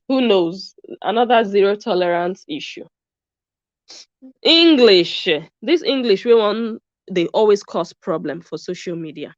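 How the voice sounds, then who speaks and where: A woman speaks at a middle pitch as a vlog commentator, tossing out sarcastic questions. The recording is dry and a little dull, with no room sound. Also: dry recording.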